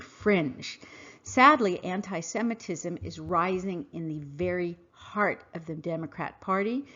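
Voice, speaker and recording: A woman hosting a podcast, reading a scripted monologue in an earnest, emphatic, measured way. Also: on the low side, dull audio. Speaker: podcast host. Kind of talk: scripted monologue read aloud.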